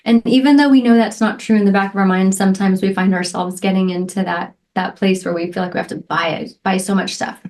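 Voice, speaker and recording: A middle-aged woman hosting a solo podcast, speaking in a heartfelt, reflective way and often checking in with "right?" and soft "um" fillers. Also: mid-range voice, fairly even intonation, a little fast, few pauses. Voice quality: emotional, near tears at moments. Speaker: podcast host.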